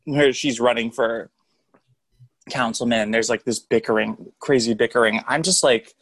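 A man's voice: medium pitch, normal speed, fairly bright tone, dry recording. Guy rambling on a podcast, kinda flustered, dry close sound. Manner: flustered, rambling, swears casually. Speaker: podcast co-host. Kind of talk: casual comedic chat.

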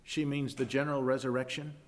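A man preaching a sermon, reading scripture aloud and explaining it, often building to loud emphatic passages. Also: mid-range voice, flat delivery, a little fast. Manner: reads scripture aloud in King James wording, then explains it. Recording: long hall reverb.

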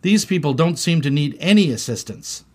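A man's voice: on the high side, expressive, normal speed, darkish tone, pitched above the performer's own voice, natural voice. A man voicing Alejandro, a polite young boy dinosaur, in a storybook reading, speaking in an earnest, courteous way.

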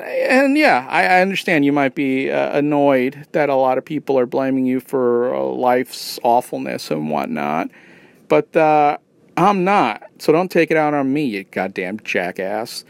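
A man's voice: mid-range voice, gravelly, clean tone, no echo. A man ranting casually in a rambling, profane and sarcastic way. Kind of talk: casual rant.

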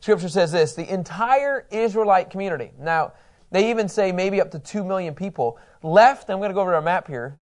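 A man's voice: sits high, animated, a little fast. A man teaching a Bible study in a conversational, enthusiastic way, acting out quotes.

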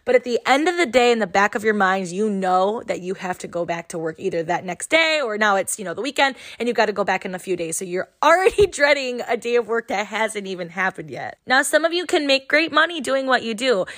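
A woman's voice: medium pitch, expressive, brisk, hardly any pauses, fairly bright tone, no echo, clean studio sound. A woman hosting a casual advice talk, speaking chattily and directly to her listeners with frequent fillers. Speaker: podcast host giving life advice.

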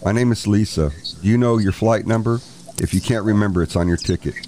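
A man reading aloud the lines of a calm female emergency operator asking steady questions. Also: fairly low pitch, a little fast, a little hiss or hum, pitched above the performer's own voice, lightly acted.

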